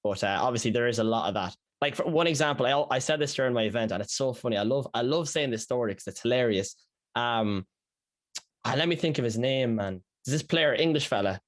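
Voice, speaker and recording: Quick and medium-pitched, this man from Ireland is a streamer guesting on a podcast. He spins animated stories in laid-back conversation, heavy on slang and cursing.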